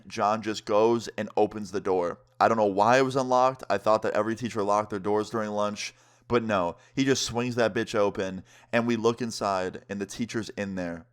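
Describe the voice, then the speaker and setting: A young man vlogger telling a story in an animated, slangy way, swearing often. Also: on the low side. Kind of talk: casual storytime.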